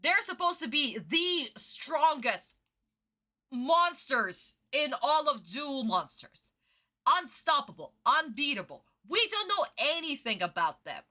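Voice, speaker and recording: A woman's voice: sits high, sing-song, slow, bright, forceful tone. A woman streamer giving a casual reaction commentary, ranting and swearing in frustration.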